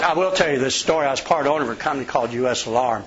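Folksy man preaching, lively pitch. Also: fairly quick, hardly any pauses, a crowd in the background. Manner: folksy storyteller, acts out quoted voices. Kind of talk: sermon with personal anecdotes. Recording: slightly dull lo-fi sound.

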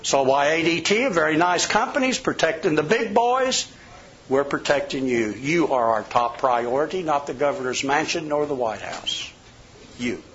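A man's voice: fairly high pitch, big pitch swings, normal speed, fairly bright tone, slight background noise. A middle-aged man preaching a sermon, a folksy storyteller who tells personal anecdotes. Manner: folksy storyteller, acts out quoted voices. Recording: slightly dull lo-fi sound.

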